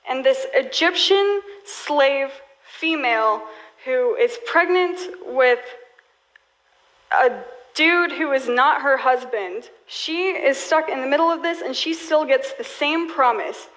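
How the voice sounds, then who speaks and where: A woman's voice: high-pitched, a bit bright, low-quality recording. A woman preaching a sermon in a chatty, storytelling way, full of filler words.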